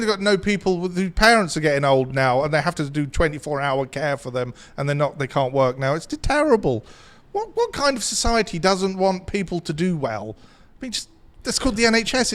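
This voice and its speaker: A man's voice: high voice, very animated, brisk, fairly bright tone. A man guesting on a political chat show, indignant and in agreement.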